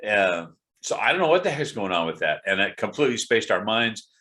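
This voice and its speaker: Deep-voiced middle-aged guy rambling through a casual update, stuffed-up and worn out, lots of ums and restarts. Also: big pitch swings, brisk, pushed and bright. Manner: rambling, candid, many fillers and restarts. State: congested, tired. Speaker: video blogger.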